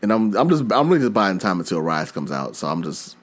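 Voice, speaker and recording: Lively low-voiced man telling gaming stories. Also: fast. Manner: animated storyteller, acts out his own reactions. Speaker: podcast host. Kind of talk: casual gaming chat.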